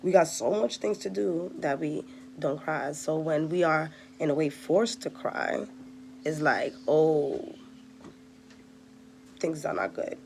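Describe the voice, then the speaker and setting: A woman's voice: sits low, a little slow, creaky, slight background noise. A woman giving a casual tarot reading, chatty and direct, talking straight to her viewers. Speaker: tarot reader.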